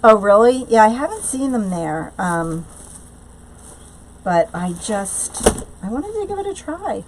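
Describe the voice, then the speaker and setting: A woman of middling pitch hosts a live craft tutorial, talking loosely and chattily. She answers viewers' comments as they come in and pads her talk with fillers and restarts. A faint hiss sits under her voice. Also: sing-song, takes it slowly. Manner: frequent fillers and trailing restarts. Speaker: craft channel host.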